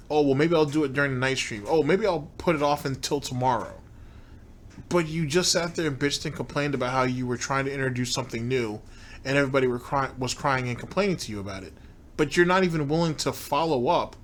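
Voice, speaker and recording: A man's voice: fairly high pitch, fairly bright tone, a little hiss or hum. A man hosting a commentary show who mocks the clips he plays with sarcastic, laughing remarks. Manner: sneering, laughs at his target. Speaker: commentary host.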